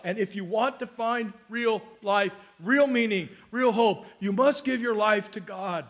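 Storytelling pastor with a high voice. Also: male voice, a bit bright. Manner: chatty storytelling, quick asides and laughs; slows and lifts voice to preach scripture. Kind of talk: sermon.

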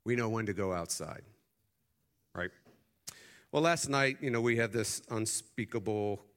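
A male pastor preaching a sermon, building to loud emphatic peaks and then dropping into quiet, easy storytelling. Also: lowish voice.

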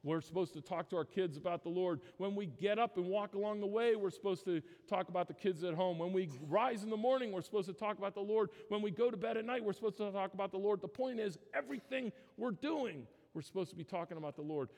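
A man preaching a sermon as pastor, emphatic, with his pitch rising on key phrases and dropping low when he closes in prayer. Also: darkish tone. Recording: long reverb of a church hall.

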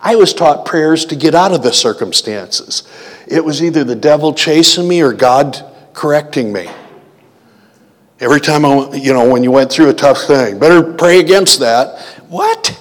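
A man's voice: on the high side, moderate pace. A man preaching a sermon, reading hymns and scripture and asking the congregation questions. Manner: teaching, asks the congregation questions. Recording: long hall reverb.

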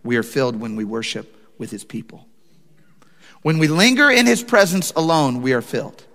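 A man with a fairly high voice preaches a sermon in a church sanctuary. He tells a personal story with animated energy and often speaks directly to his listeners. His voice rings out with a long reverb from the big room. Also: moderate pace. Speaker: pastor.

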